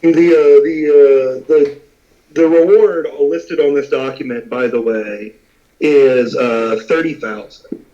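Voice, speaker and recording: A man's voice: mid-range voice, fairly even intonation, slow, mellow. A man narrating a tabletop game as game master, rambling with many restarts, on muffled lo-fi audio.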